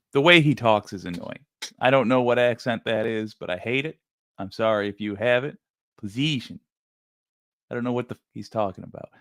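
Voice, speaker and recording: Man, sarcastic streamer, irreverent jokes, dry close sound, mid pitch. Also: a bit bright, dry recording. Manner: mocking, jokey, irreverent. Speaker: streamer commenting on clips. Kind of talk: sarcastic live-stream commentary.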